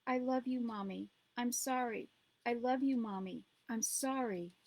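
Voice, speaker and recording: A woman's voice: medium pitch, animated, a little slow, a little mellow. A woman reading a storybook aloud and voicing a small, frightened girl who pleads and stammers through tears. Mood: sobbing plea. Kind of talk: audiobook reading.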